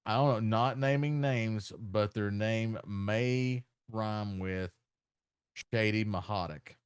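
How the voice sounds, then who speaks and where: A man co-hosts a casual comedic chat, joking and teasing his friends. His voice jumps up high when something amuses him. The recording is close and dry, with no room sound. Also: slow, clean tone, no room sound. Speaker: podcast co-host.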